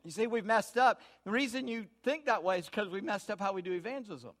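A high-voiced man preaching from the pulpit. He tells homespun stories in a folksy way and swings between hushed asides and loud, emphatic points. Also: brisk. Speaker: pastor. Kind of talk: sermon.

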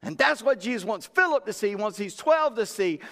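This man's voice is high and brisk, with lively intonation and a fairly bright tone. He's a pastor giving a homespun, chatty sermon in which Bible figures talk like ordinary people, and a big room's long reverb carries it.

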